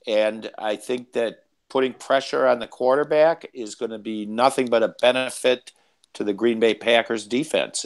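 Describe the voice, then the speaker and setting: Halting man in sports banter. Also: mid-range voice. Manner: halting starts, repeats words. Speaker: sports podcast co-host. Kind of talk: casual sports debate.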